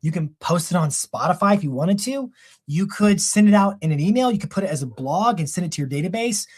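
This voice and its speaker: Energetic man giving a marketing talk. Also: high-pitched, slightly rough. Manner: energetic, quick, conversational with self-corrections. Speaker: real estate marketing speaker. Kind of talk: live training presentation.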